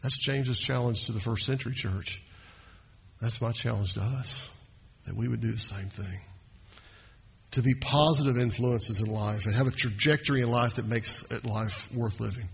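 A man preaching a sermon as pastor, swinging his pitch and loudness and slowing down to stress points. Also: gravelly, slightly rough.

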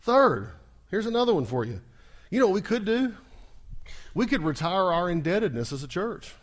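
With a high, sing-song voice at normal speed, a man preaches as pastor to his congregation. He leans on repeated call-and-response lines and shifts from soft asides to loud, rising exclamations.

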